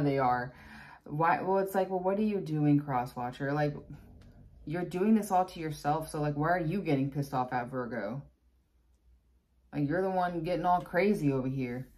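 A woman giving a casual tarot reading, chatty and blunt, with exasperated asides. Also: low-pitched. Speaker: tarot reader.

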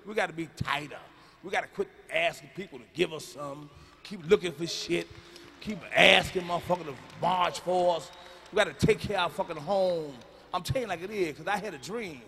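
A man doing a live stand-up routine with loud, emphatic storytelling that drops to hushed asides. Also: high voice, brisk, vocal fry, slight background noise. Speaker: stand-up comedian. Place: large live venue.

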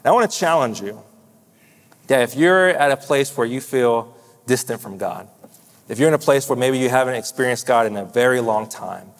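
A male pastor delivers a sermon, telling a story through quoted dialogue. His voice sits in an ordinary middle pitch and often slows for emphasis. It rings with the long reverb of a large church hall. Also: animated.

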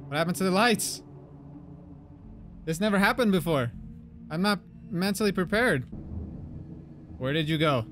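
A young man giving let's play commentary on a horror game, swearing and shouting at jump scares, his voice going hoarse from screaming. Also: high-pitched, lively intonation, unhurried, pauses often. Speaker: gaming YouTuber. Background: game music.

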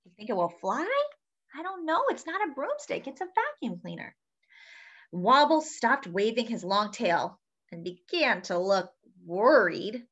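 A woman reading a children's picture book aloud, lively, often turning to ask her young listeners questions. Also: on the high side, a little slow, husky. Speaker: children's story reader. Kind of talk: read-aloud storytelling for children. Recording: dull lo-fi sound.

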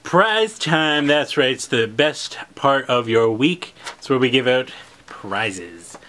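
A man's voice: medium pitch, animated, slow, bright, forceful tone, a little hiss or hum. A man hosting a video's prize segment, presenting in an upbeat, playful casual chat.

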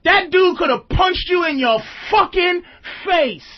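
A man hosting a radio talk show, telling a profane comedic story in a brash, animated way. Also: very high voice, measured pace, highs cut off.

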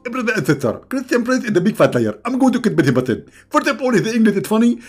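A man voicing a sneering male critic in a high, mocking parody voice. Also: very animated, fast talker, husky, heavily acted.

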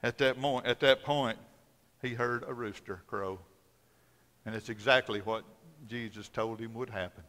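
A male pastor preaching a sermon, telling the story dramatically, swinging between loud emphasis and hushed tones. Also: mid-range voice, fairly even intonation, unhurried. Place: church sanctuary. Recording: long church hall reverb.

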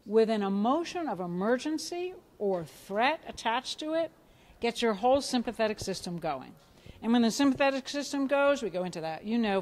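A middle-aged woman, a biofeedback clinician, runs a lively hands-on workshop for a live audience in a conference room. Her pitch is fairly high, and she's animated, quizzing listeners and acting out reactions.

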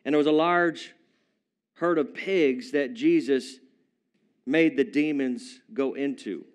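A man preaching a sermon to a live congregation, retelling a story in a playful, animated way with chuckling asides. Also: medium pitch, slow. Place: church service with a live congregation.

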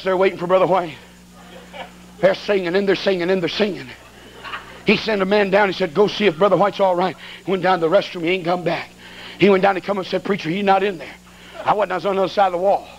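High-pitched preacher telling a funny story. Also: male voice, low-quality recording. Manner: animated storyteller, shouts and cries out in prayer. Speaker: evangelist. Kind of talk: comic storytelling sermon. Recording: faint noise, old recording.

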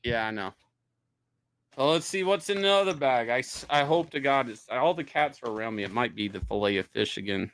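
A man hosting a casual stream, with a mid-pitched voice. He gives wry, joking commentary on a pile of food. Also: expressive, brisk, a bit bright, slight background noise. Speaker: host. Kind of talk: casual chat.

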